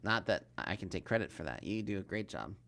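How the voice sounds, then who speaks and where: A man co-hosting a podcast in relaxed, joking chat, thinking aloud as he goes. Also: low-pitched, brisk, vocal fry. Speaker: podcast co-host. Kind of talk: casual chat.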